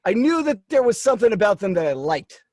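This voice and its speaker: A husky man with a high voice co-hosting a comedy podcast, his pitch leaping all over as he defends himself and trails off into mumbles. The sound is dry and close. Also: big pitch swings, fast talker, a little mellow, no room sound. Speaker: podcast co-host. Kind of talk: casual comedic chat.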